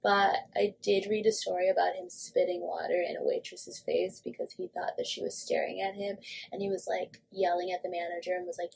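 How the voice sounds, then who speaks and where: A woman with a slightly husky voice co-hosts a casual podcast. She chats loosely about celebrity news, full of "like" and "you know", and swears freely. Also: fairly low pitch, level tone, brisk, a little mellow. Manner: chatty, filler-heavy, swears freely. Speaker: podcast co-host. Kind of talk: casual pop-culture chat.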